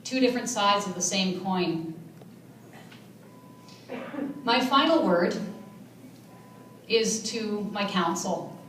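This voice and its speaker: A woman mayor giving an earnest, measured inaugural speech in a large hall. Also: mid-range voice, lively intonation, a bit bright, distant mic, a little hiss or hum. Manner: earnest, measured public speaking. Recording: echoey hall picked up from afar.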